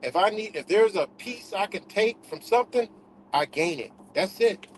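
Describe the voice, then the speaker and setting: High-pitched dude ranting live, swearing a lot, hammering his points over and over, faint noise behind. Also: lively intonation, normal speed, poor audio. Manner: profane, emphatic, repeats himself. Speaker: livestream host. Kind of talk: casual livestream rant.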